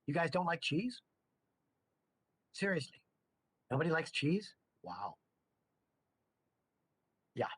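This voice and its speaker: A man's voice: on the high side, very animated, takes it slowly, long pauses, a bit bright, husky. A middle-aged man teaching a chemistry class in a casual, joking way, full of chatty asides. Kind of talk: casual lecture.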